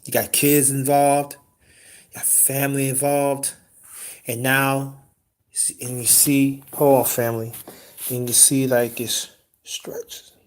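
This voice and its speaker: A man's voice: medium pitch, little pitch movement, takes it slowly, pauses often. A man hosting a casual livestream, preaching relationship advice to his chat and dropping to a whisper for emphasis. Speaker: livestream host.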